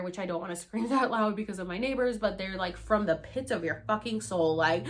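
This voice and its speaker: A young woman talks straight to her viewers, telling a long personal story in loose, animated vlog style. She swears freely and keeps slipping into quick voices for the people she describes. Her pitch sits in the middle range. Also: noisy background. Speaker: vlogger.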